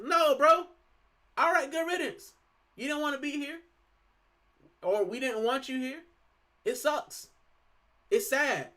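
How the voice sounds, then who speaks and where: A man's voice: very high voice, lively intonation, a little slow, long pauses, pushed and bright. A man from Puerto Rico hosting a football fan channel, talking casually and with animation, full of fillers and "bro". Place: lives in the UK.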